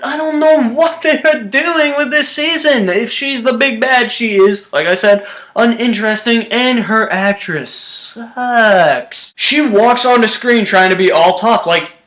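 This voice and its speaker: A man's voice: very high-pitched, animated, a little slow, fairly bright tone, echoey room. A young man giving a casual, exasperated review rant about a TV show. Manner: ranting, exasperated, blunt.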